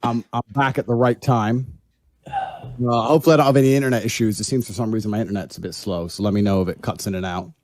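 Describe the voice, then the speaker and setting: A man's voice: lowish voice, fairly even intonation, fast, darkish tone, dry recording, studio quality. A man from the United Kingdom, a guest in a debate, talking assertively and lecturing over a remote call.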